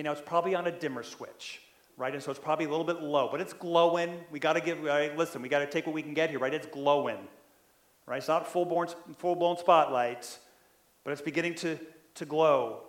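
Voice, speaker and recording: A man preaching a sermon in a conversational way, often checking in with the listeners, and growing louder when he stresses a point. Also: fairly high pitch, normal speed, echoey room. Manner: conversational, keeps asking "right?"; animated, builds in loudness when stressing a point. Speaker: pastor.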